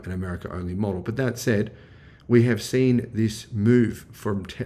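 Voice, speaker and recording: A man's voice: on the low side, warm tone. An Australian man chatting enthusiastically in a casual car review vlog, full of fillers. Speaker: car vlogger.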